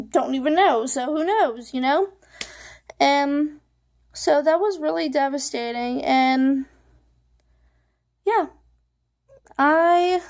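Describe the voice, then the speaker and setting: High, gravelly-voiced young woman vlogger. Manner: rambling, many fillers like "like" and "you know"; emotional, holding back tears. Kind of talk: personal storytelling to camera.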